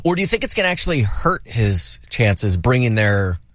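A man's voice: medium pitch, very animated, normal speed, fairly bright tone, no room sound, clean studio sound. A man hosting a radio show, telling stories and teasing his co-hosts in casual banter. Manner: playful, teasing storyteller.

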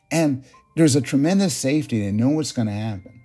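A middle-aged man, a psychologist guest on a podcast, explaining ideas and telling stories in an animated way. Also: medium pitch, fast, breathy edge, soft background music. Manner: explanatory, animated storytelling with restarts. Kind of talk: interview.

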